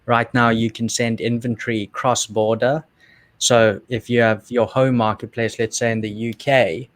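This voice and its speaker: A man with a South African accent, co-hosting and explaining business steps in a calm, measured way. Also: medium pitch, no room sound. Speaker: co-host. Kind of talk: casual explanation.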